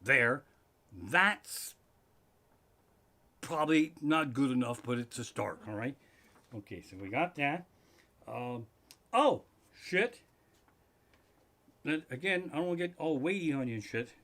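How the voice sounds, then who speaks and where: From his living room, a middle-aged live streamer recounts a foul-mouthed comic tale that grows into loud, swearing rants. He speaks at a medium pitch with animation, keeping a measured pace broken by long pauses.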